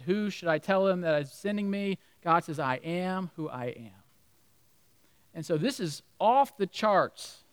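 A middle-aged male pastor preaching a sermon, animated, acting out voices and dropping to near-whispers for emphasis. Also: sits high, no room sound. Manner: animated, acts out voices of crowd and Jesus, drops to near-whisper.

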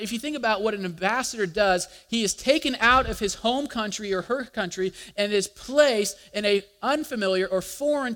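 A male pastor preaching a sermon in an animated way, asking the congregation to join in aloud. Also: high voice. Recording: long reverb of a large hall.

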